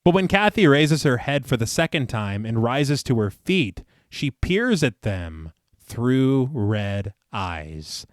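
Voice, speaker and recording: A man's voice: medium pitch, big pitch swings, slow pace, no echo. Podcast guy reading a movie recap, bouncy up and down voice, dry close mic. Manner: laughs often, reads the synopsis then jokes. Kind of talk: casual horror film discussion with scripted recap.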